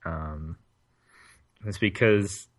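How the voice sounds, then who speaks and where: A man with a low voice co-hosting a casual podcast. He talks in a relaxed, rambling manner, circling back and letting sentences trail off into fillers. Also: extremely slow. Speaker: podcast co-host. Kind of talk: casual chat.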